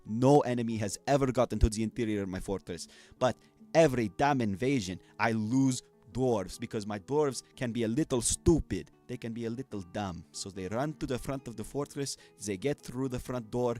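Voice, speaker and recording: A man's voice: mid-range voice, normal speed, warm tone, soft background music, natural voice. A man playing a blustering fascist dwarven dictator in a put-on Russian accent, dropping his articles while he boasts and threatens over a game. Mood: boastful. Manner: drops articles, boastful and menacing. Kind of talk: in-character game commentary.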